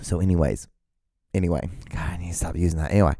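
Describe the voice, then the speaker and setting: A young man hosts his own show alone, telling a long story in a loose, rambling way. He keeps restarting his sentences, and he swears without thinking about it. His voice sits fairly low, and the recording is dry and close. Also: steady tone, fast talker, mellow, no echo. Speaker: podcast host. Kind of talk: casual solo rambling.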